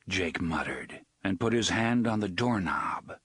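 A man reading an audiobook as scripted narration, measured and suspenseful, slowing down on tense moments. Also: low-pitched, lively intonation, a bit bright, breathy edge, no echo.

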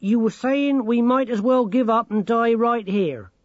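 A man voicing a gloomy old female gnome granny who talks in a loud, cheerfully grim way. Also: very high voice, unhurried, no room sound, voice pushed up. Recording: dull, dry recording.

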